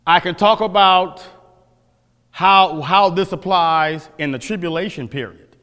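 A male pastor preaching with an emphatic, questioning style, repeating key phrases. His voice is high and bright. The sound carries a long reverb from a church hall. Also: unhurried, clear, resonant tone. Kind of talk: sermon teaching from scripture.

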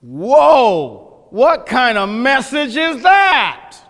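A man's voice: very high-pitched, sing-song, very slow, fairly bright tone. A man teaching a Bible class, folksy, questioning his listeners, often restarting his sentences. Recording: echoey hall.

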